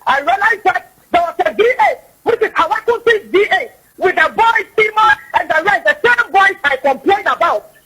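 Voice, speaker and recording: A woman's voice: extremely high pitch, lively intonation, normal speed, sharp tone, low-quality recording. A woman with a Ghanaian accent giving an agitated account to the press. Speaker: politician.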